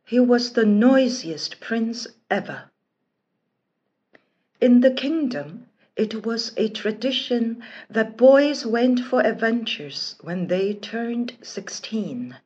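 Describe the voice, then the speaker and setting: A woman narrating a children's storybook in a slow, expressive, careful reading voice. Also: on the high side, husky, highs cut off.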